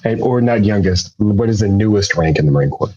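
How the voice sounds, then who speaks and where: Low-voiced man on a dull lo-fi line. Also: animated, a little fast, darkish tone. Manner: rambling, self-correcting. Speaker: Marine team panel player. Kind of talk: casual game-show banter.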